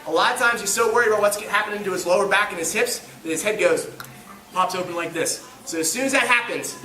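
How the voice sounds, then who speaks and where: A man's voice: sits high, sharp tone. A man teaching a grappling class live, demonstrating on a partner and cracking self-mocking jokes as he coaches. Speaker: jiu-jitsu instructor. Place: indoor training gym. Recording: echoey gym from far off.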